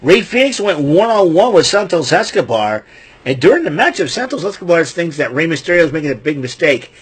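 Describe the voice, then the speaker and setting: A man giving a rambling, casual wrestling recap, chuckling often and filling pauses with ums and restarts. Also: fairly high pitch, very animated, slightly rough.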